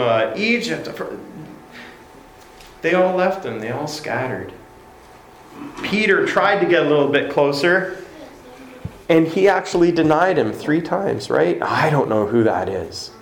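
A man preaching a sermon, conversational and animated, often repeating words as he tells stories. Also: a little high, a little hiss or hum. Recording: roomy hall echo, faint ambience.

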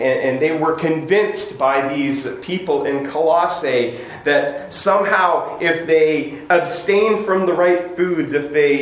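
Emphatic male pastor in an echoey church. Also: on the high side. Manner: emphatic and repetitive, with joking asides. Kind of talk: sermon.

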